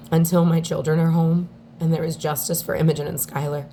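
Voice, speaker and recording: A woman speaking in an emotional personal video statement, on the verge of tears, with halting, heartfelt delivery and long pauses. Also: low-pitched, flat delivery, warm tone, slight background noise. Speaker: mother speaking out in a daily video diary.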